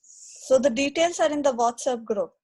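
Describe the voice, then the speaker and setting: A woman with a high voice runs an online class, politely calling on students by name. She keeps the session organized and courteous. The sound comes through a video call. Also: normal speed, a little mellow, husky, low-quality recording. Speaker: class moderator.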